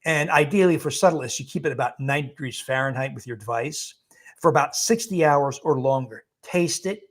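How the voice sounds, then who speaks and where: A man, a physician guest, answering viewer questions in a live Q&A, explaining in a brisk, emphatic way with frequent chuckles and blunt dismissals of bad advice. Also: medium pitch.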